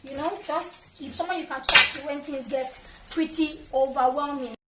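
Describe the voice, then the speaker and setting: A young Nigerian woman with a high, bright-toned voice talks through her tips one by one in an upbeat, chatty vlog. She sits back from the mic in an echoey room, with a faint hum of ambience behind her. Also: fairly even intonation, normal speed, far from the mic. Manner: upbeat, gives numbered tips. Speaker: vlogger, law graduate. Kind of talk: casual advice vlog.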